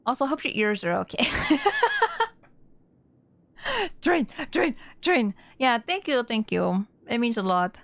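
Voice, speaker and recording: A woman's voice: fairly high pitch, takes it slowly, vocal fry, long pauses, dry recording. Bubbly young woman streamer. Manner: bubbly, chatty, excitable. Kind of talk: casual gameplay commentary. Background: game music.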